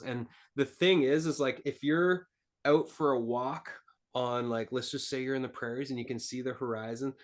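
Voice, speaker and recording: A man speaking as an entrepreneur guest on a podcast, earnest and rambling, with lots of filler words. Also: medium pitch. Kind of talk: casual interview talk.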